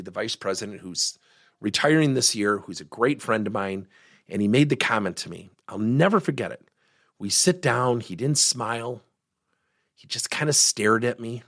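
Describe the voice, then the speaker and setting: A middle-aged man hosting a coaching podcast, telling a work story in an animated, personal way. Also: mid-range voice, no room sound, clean studio sound. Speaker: podcast host and workplace coach. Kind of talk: podcast monologue.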